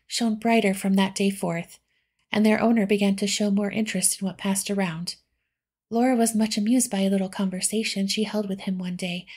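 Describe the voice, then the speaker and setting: A woman reading a classic novel aloud in a soft-spoken ASMR style. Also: mid-range voice. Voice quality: soft, breathy. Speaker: audiobook reader.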